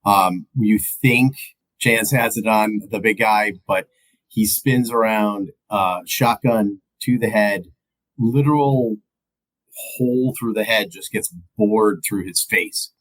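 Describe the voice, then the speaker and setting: A man's voice: fairly low pitch, slow pace, a bit bright, poor audio. A man co-hosting a podcast, casually retelling movie scenes and laughing often. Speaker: podcast co-host. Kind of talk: casual movie recap chat.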